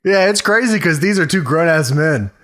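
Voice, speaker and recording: A man's voice: fairly high pitch, lively intonation, normal speed, heavy background noise. A man co-hosting a podcast in casual chat, trading jokes and laughing. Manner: laughing, joking banter. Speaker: podcast co-host. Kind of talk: casual retro wrestling review chat.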